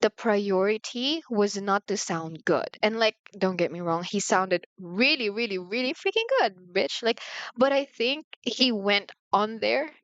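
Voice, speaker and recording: A young woman vlogger chats casually and candidly to camera in a confessional style, rambling and slangy with lots of "like." Her medium-pitched voice is a bit bright and unhurried. The dry recording sounds slightly muffled, as if made in a dry room.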